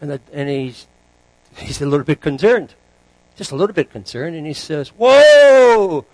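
A man preaching a sermon in a relaxed, chatty manner, full of asides and storytelling. His voice sits a little high for a man. The sound is close and dry, with no echo. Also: moderate pace, slightly rough. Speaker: pastor.

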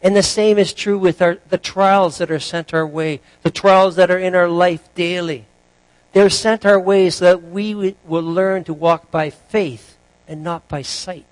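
A man preaching as a pastor, telling a joke story in a relaxed, chatty way with asides to the congregation. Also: sits high, measured pace, dry recording, poor audio.

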